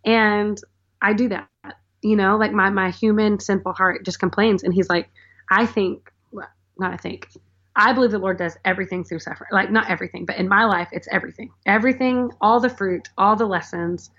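A woman's voice: mid-range voice, steady tone, brisk, a bit bright. A woman in her thirties talking earnestly about her faith as a guest, rambling a little and saying "like" often. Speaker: podcast guest. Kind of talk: casual faith conversation. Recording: slightly dull lo-fi sound.

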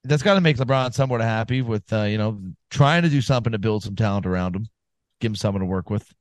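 A man's voice: fairly low pitch, quick pace, no echo. A man co-hosting a sports podcast, recapping basketball news in joking, teasing banter. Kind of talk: casual sports chat.

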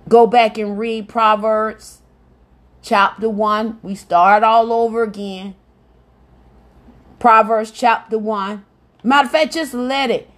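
Fervent high-voiced woman preaching slowly. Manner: fervent, repeats phrases, exclaims hallelujah. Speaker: evangelist podcast host. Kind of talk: devotional sermon.

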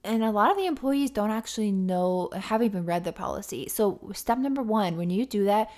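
A young woman co-hosting a podcast, chatting casually. She lays out her points plainly and matter-of-factly, at a middle pitch. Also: expressive, fairly quick, a little mellow. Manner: explaining, matter-of-fact. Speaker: podcast co-host. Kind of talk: casual chat.

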